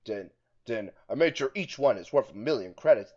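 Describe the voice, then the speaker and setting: A man doing a quick, scheming take on a male starship captain, in a game video with faint music behind. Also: medium pitch, lively intonation, darkish tone, dull audio, pitched below the performer's own voice, natural voice.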